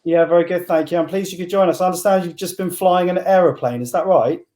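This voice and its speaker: A man's voice: high-pitched, fast, dark tone. A man compering a live online event, speaking in a polite, upbeat, welcoming way. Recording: echoey room sound.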